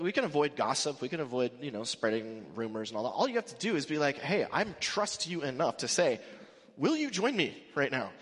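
A man preaching a sermon in a conversational, emphatic way, acting out the quotes he gives. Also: medium pitch. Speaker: pastor. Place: church sanctuary. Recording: echoey hall with long reverb.

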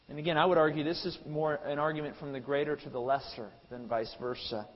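A male pastor preaching a sermon. His voice builds to loud, emphatic peaks, then drops to quiet asides, with frequent restarts. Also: a little high, steady tone, quick pace, few pauses. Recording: long hall reverb, dull lo-fi sound.

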